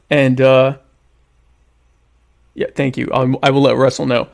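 A man's voice: a little high, expressive, brisk, creaky, long pauses, a little mellow. A man hosting a casual livestream, joking and teasing his viewers in a self-mocking way while he eats. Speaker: livestream host. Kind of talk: casual comedic chat with viewers. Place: home, at a meal.

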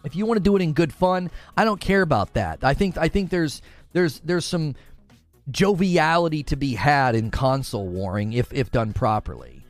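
A man's voice: a little high, lively intonation, moderate pace, no echo, soft background music. A man hosting a casual gaming livestream, talking through examples and acting out imagined quotes.

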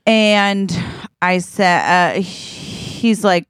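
A woman co-hosting a comedy podcast, reacting with gasps and quick interjections. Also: on the low side, lively intonation, no echo, studio quality. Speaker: podcast co-host.

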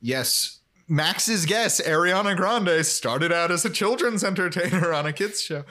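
A man's voice: sits high, expressive, measured pace, pushed and bright. A man co-hosting a podcast, recapping a show in casual chat with dry joking asides. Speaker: podcast co-host.

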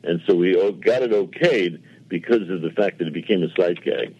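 A man's voice: low-pitched, fairly quick, dark tone, husky. An older man, a television producer, telling long rambling anecdotes in a casual interview with quoted dialogue and self-mocking asides. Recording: dull lo-fi radio audio.

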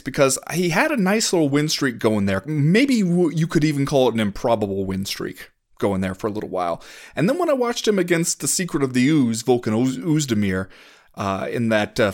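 Male podcast co-host, loose sardonic chatter, rambles and acts out bits. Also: medium pitch. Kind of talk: casual chat.

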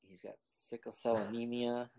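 A man's voice: mid-range voice, flat delivery, normal speed, creaky, dark tone. A man hosting a podcast in casual, joking chat, laughing often and rambling loosely. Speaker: podcast host.

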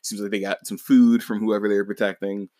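A man's voice: on the low side, flat delivery, a little fast, warm tone, no room sound. A man hosting a podcast, casually recapping a manga in a rambling, laid-back way, swearing and laughing along. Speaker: podcast host.

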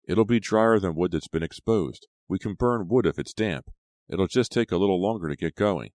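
A hearty, bossy camping advisor who jokes with his charges one moment and scolds them the next, read by a man with a very deep voice. The storybook voice is dry and close, with no room sound. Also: moderate pace, darkish tone, dry recording, natural voice. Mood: jovial. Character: upbeat adult male camping advisor, jokey but stern.

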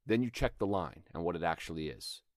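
A man's voice: deep voice, expressive, a little fast, dry recording, studio quality. A man hosting an acting podcast, explaining script work in a thoughtful, conversational way and sometimes reading lines aloud to show them. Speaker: acting coach podcast host. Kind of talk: instructional talk.

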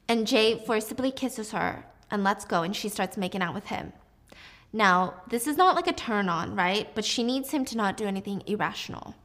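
A woman's voice: on the high side, animated, moderate pace, a bit bright. A woman casually recapping a drama story with chatty, sarcastic asides.

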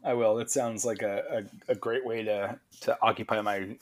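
A man's voice: lowish voice, fairly even intonation, moderate pace. A man hosting a podcast who works as a bartender. He chats loosely, laughs often and swears freely. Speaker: podcast host. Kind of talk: casual chat.

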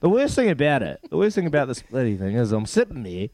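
A man's voice: medium pitch, huge pitch swings, fast talker, darkish tone, dry recording. A man in his thirties with a New Zealand accent, chatting casually as a radio guest, laid-back and laughing as he tells stories. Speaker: radio guest, former rugby player. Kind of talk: casual chat.

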